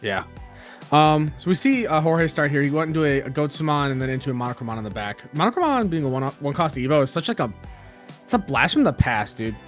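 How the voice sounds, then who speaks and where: A man co-commentating a card game match, excitable and joking. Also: on the high side, quick pace, faint music behind. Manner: excitable, joking, loud bursts.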